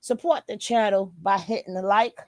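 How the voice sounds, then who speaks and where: A woman's voice: medium pitch, steady tone, moderate pace, a little mellow, dry recording, studio quality. A woman with a New York accent, hosting a channel and giving blunt, profane, heated reaction commentary. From New York City. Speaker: channel host.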